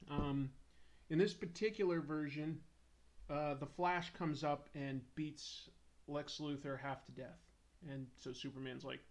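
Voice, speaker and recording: A man's voice: on the high side, fairly even intonation, a little slow. Jokey man chatting on a drawing livestream. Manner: jokey, reads viewer comments aloud. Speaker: comics YouTube host. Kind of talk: casual livestream chat while drawing.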